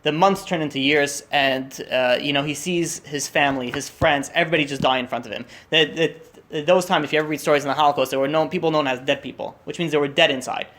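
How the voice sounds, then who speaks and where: A young man telling a story at a holiday meal, talking fast and tumbling over his words. His voice sits somewhat high for a man, and he keeps restarting with lots of fillers. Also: steady tone, a bit bright. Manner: rushed, restarts often, many fillers.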